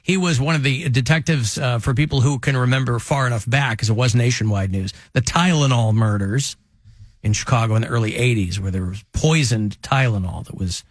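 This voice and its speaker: A man's voice: medium pitch, a little fast, dry recording, clean studio sound. A man hosting a radio talk show, telling stories in a chatty way with laughs. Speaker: radio host.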